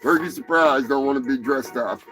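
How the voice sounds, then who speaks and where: A man's voice: mid-range voice, normal speed, music in the background, poor audio. A man hosting a live stream, rambling and crude in a comedic chat. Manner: rambling, crude, mock-shouting.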